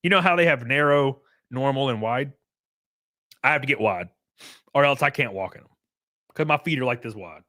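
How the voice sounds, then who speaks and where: A man's voice: medium pitch, lively intonation, moderate pace, pauses often, sharp tone, no echo, studio quality. A young man casually chatting on a livestream, reading chat aloud with crude, rambling jokes.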